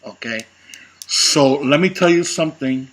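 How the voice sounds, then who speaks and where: A man's voice: fairly high pitch, a little slow, fairly bright tone, rough recording. A man co-hosting a casual chat, speaking emphatically with repeated words and laughter. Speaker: co-host.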